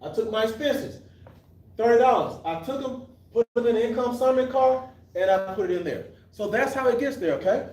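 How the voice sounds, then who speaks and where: A man's voice: extremely high pitch, expressive, fairly quick, darkish tone. A man teaching an accounting class live, asking the class questions and then answering them himself, often restarting his sentences. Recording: echoey room, mic at a distance.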